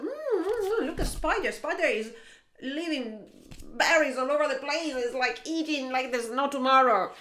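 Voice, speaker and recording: Animated, high-voiced woman storyteller. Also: normal speed, reverberant, slight background noise. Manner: animated, playful, with mouth sounds and sing-song asides. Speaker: teacher and storyteller. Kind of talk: reading a picture book aloud to children.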